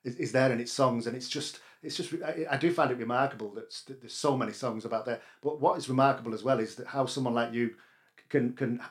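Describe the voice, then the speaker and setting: A man interviewing a longtime columnist in a casual chat, asking quick friendly questions with fillers. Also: medium pitch. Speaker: newspaper editor interviewing a columnist.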